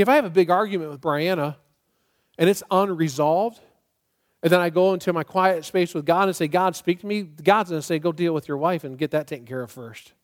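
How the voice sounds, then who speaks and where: A middle-aged male pastor preaching a sermon in a church, emphatic and swinging from loud to soft and prayerful. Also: a little high. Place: church sanctuary.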